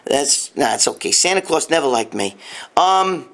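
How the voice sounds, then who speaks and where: A man's voice: fairly high pitch, expressive, normal speed, gravelly, a bit bright. A man in his late fifties hosting a casual live-stream rant, blunt and profane, rambling while answering viewer comments. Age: 50s. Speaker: live show host. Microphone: phone or webcam, live stream.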